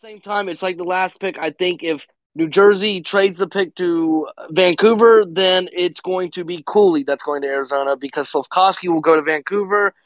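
A man's voice: sits high, moderate pace, hardly any pauses, dry recording, low-quality recording. A man co-hosting a casual sports podcast, thinking aloud in a rambling way with lots of fillers. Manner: rambling, many "you know" fillers. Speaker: podcast co-host. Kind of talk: casual hockey podcast chat.

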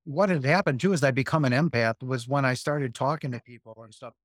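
A man's voice: medium pitch, a little fast, no echo, studio quality. A man in his fifties, a guest talking earnestly about spiritual experiences and repeating phrases for emphasis. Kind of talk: spiritual interview talk.

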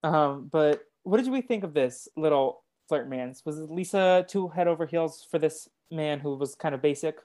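A man's voice: on the high side, a little mellow. A man co-hosting a podcast, casually recapping a movie with lots of ums and restarts. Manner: halting, full of ums and restarts. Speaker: podcast co-host.

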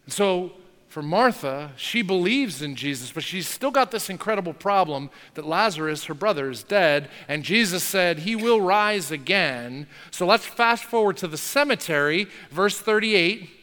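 A male pastor delivers a sermon in a high, bright voice, mixing emphatic slowed-down phrases with casual asides. His words ring out in a sanctuary with a long, echoing reverb. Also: animated.

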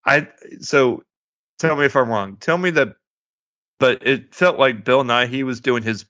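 A man co-hosting a casual movie review podcast, animated and often laughing as he acts out scenes. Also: medium pitch, measured pace, no echo, highs cut off. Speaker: podcast co-host.

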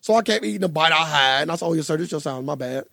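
A young man co-hosting a casual podcast, telling a story in an animated, profane way. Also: fairly high pitch, very fast, vocal fry, no echo, clean studio sound. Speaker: podcast co-host. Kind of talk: casual chat.

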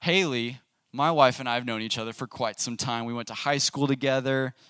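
A young man preaching to a youth service in a loose, conversational way and asking the room questions. His voice is bright and forward. The recording is close and dry. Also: mid-range voice, fairly even intonation, brisk, clear, resonant tone, no room sound. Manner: casual, asks the audience questions. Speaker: youth pastor. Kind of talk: conversational sermon.

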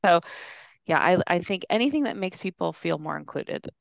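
A woman hosting a podcast in casual chat, enthusiastic and quick to agree. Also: on the low side, expressive, gravelly, dry recording, studio quality. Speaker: podcast host.

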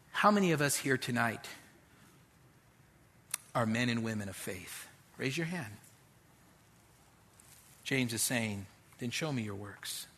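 A man's voice: mid-range voice, pushed and bright, slightly rough. A middle-aged man preaching a sermon as pastor, direct and conversational, with street slang.

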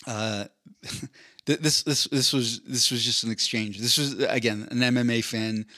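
A man's voice: mid-range voice, steady tone, moderate pace, pushed and bright, dry recording, studio quality. Rambling, amused man telling a story. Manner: amused, rambling, with frequent restarts. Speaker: podcast host. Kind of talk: casual storytelling chat.

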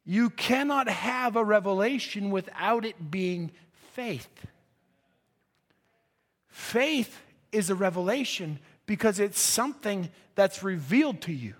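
A man preaching a fervent sermon in a church, his impassioned delivery swelling into shouts. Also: high-pitched, animated, takes it slowly. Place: church sanctuary.

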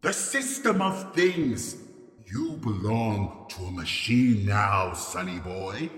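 A man plays a boastful trickster spirit with a taunting, menacing streak, speaking slowly and letting his pitch leap up and down. His voice carries the long ring of a large hall, picked up from a stage. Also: expressive, fairly bright tone. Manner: taunting, laughs at his own jokes.

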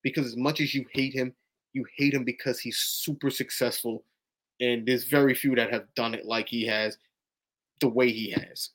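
A man's voice: mid-range voice, fairly even intonation, moderate pace, a bit bright. A man co-hosting a casual sports podcast, joking and emphatic. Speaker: podcast co-host.

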